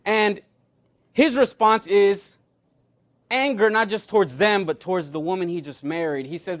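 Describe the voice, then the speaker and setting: High-voiced man preaching a lively sermon. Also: moderate pace. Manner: animated, acts out quoted characters. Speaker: pastor. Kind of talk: sermon storytelling.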